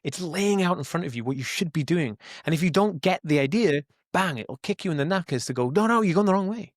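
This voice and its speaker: A man's voice: on the high side, lively intonation, fairly quick, no echo, studio quality. A Welsh man in his forties, telling his life story as an interview guest in a rambling, earnest way, full of "like" and "right?". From Wales. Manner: rambling, lots of "like" and "right?", repeats words; earnest and emphatic, addresses listeners as guys. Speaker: interview guest, autism advocate. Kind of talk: casual storytelling in a conversation.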